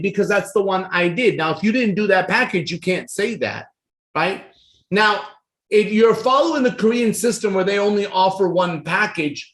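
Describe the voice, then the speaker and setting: Guy teaching how to close a sale, kinda high voice, echoey room, acts out the pitch. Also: moderate pace. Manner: animated, acts out sales dialogues. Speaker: sales trainer. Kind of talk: sales training talk.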